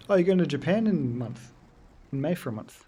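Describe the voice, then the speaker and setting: A man's voice: a little high, mellow, husky. A man in his thirties chatting casually while streaming a game, loose and joking, answering his chat. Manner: loose, joking, sweary, talks to chat between game moments.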